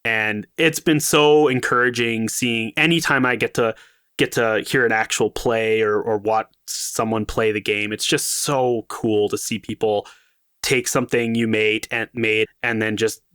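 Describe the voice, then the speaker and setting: A man who designs games, talking as a guest in a casual podcast interview, enthusiastic and quick to laugh. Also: mid-range voice, a bit bright, clear, resonant tone, no echo, studio quality.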